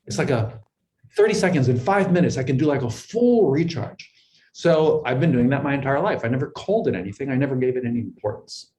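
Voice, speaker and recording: This middle-aged interview guest has a mellow, medium-pitched voice and talks with animation at a slightly quick pace. Earnest and reflective, he tells his life story conversationally, frequently repeating words as he gathers his thoughts. The audio is poor.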